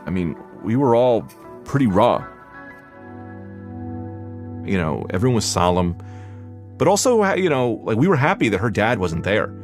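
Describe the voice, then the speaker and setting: A man's voice: fairly low pitch, big pitch swings, normal speed, long pauses, faint music behind. A young man from New Jersey telling a candid personal story, rambling with fillers and acting out what people said. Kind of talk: personal story told to a podcast.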